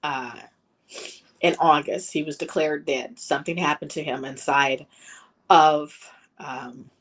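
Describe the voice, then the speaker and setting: A middle-aged woman with a very low voice speaks in personal testimony, halting often with fillers. She is close to tears. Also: fairly even intonation, slightly rough. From Chicago, USA. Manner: halting, emotional, many fillers. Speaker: bereaved mother speaking at a town hall.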